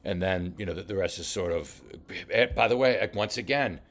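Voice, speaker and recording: Low-voiced boxing coach reviewing fight footage. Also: male voice. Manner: casual, halting, full of restarts. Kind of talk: film study commentary.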